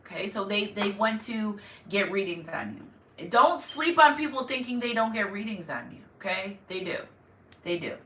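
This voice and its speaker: A woman's voice: mid-range voice, big pitch swings, normal speed, fairly bright tone, a little hiss or hum. A woman giving a casual tarot reading to her viewers, rambling and repeating herself with emotion. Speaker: tarot reader. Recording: echoey room, distant mic.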